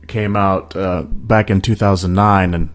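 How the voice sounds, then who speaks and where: A man hosting a casual podcast, talking about new metal releases in a relaxed, enthusiastic way with some hesitations. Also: low voice, unhurried. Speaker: podcast host.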